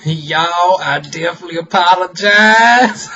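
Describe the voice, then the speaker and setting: Talking straight to the camera in a casual vlog, this young aesthetician is sassy and expressive, tossing out "honey" and "y'all." He has a high voice at a normal speed, captured on a muffled recording.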